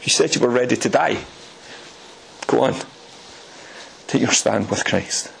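A man's voice: mid-range voice, a little slow, gravelly, slight background noise, poor audio. A man from Scotland with a Scottish accent, preaching a sermon with rhetorical questions and folksy asides.

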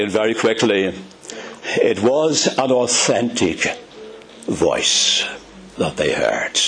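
A male preacher with an Ulster accent delivers a sermon at an unhurried pace. His pitch rises and falls dramatically as he speaks. He sometimes sinks to a hushed whisper to stress a point. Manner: dramatic, drops to whispers for emphasis; addresses listeners as dear friends.

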